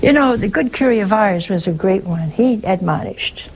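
A woman giving a sermon in a deliberate way, asking frequent rhetorical questions. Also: medium pitch, animated, darkish tone, slight background noise. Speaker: religious teacher.

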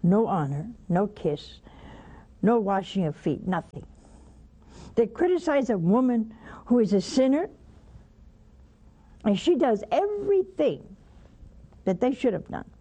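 Slow, animated woman preaching. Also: mid-range voice, husky. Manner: animated, blunt, teasing asides to listeners. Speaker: religious broadcaster teaching scripture. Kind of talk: spoken sermon.

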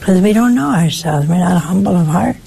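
A woman giving a conversational sermon in a folksy way, asking her listeners rhetorical questions and jumping up in pitch for emphasis. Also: expressive, moderate pace, gravelly, dark tone, slightly rough. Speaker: preacher.

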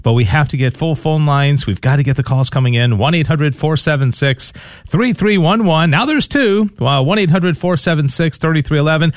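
A man's voice: fairly high pitch, normal speed, no room sound. A man hosting a radio pledge drive in a studio, upbeat, explaining at length with fillers and restarts. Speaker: radio fundraiser host. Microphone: studio mic.

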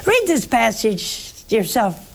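A woman's voice: on the high side, wildly swooping pitch, vocal fry, rough recording. A woman, a nun, preaching with emphasis and answering callers on a religious call-in show. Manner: slow, emphatic, fervent and repetitive.

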